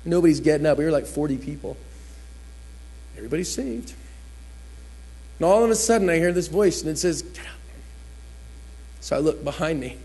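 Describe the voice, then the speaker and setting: High-voiced man telling his testimony. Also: animated, fairly quick, long pauses, a little mellow, slightly rough. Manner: storytelling, acts out quotes with shifting voice. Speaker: guest speaker giving testimony. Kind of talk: personal testimony in church.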